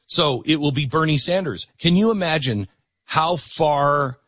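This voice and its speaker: A man's voice: a little high, unhurried, fairly bright tone, no room sound. A middle-aged man hosting a talk show, delivering an opinionated political monologue and repeating words for emphasis.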